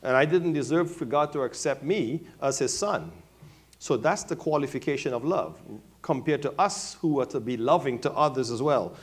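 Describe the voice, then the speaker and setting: A male pastor preaching a sermon, calling on members of his congregation by name, swinging from quiet remarks to loud, high-pitched exclamations. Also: normal speed, slightly rough. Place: church sanctuary.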